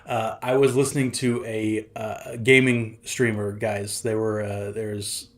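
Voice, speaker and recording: A man's voice: lowish voice, little pitch movement, measured pace. A man hosting a casual podcast, rambling and laughing often as he tells stories. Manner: rambling, frequent restarts and laughter. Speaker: podcast host. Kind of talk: casual chat.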